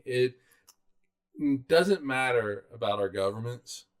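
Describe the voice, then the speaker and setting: A man's voice: mid-range voice, lively intonation, slow pace. A middle-aged man from South Carolina, co-hosting a podcast in casual, rambling chat full of fillers and restarts. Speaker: podcast co-host.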